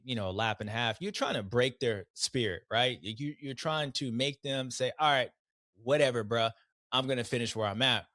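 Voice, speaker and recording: A man's voice: medium pitch, a bit bright, no room sound, clean studio sound. A man hosting a casual race recap, rambling with slang and restarts and acting out riders' voices in quotes. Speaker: podcast host, former racer.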